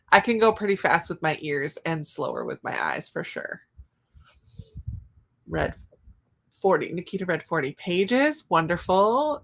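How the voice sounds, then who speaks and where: A woman's voice: fairly low pitch, fairly bright tone. A woman with a Southern US accent hosting a casual livestream, chatty and giggly, with frequent exclamations as she reads out viewer comments. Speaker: livestream host.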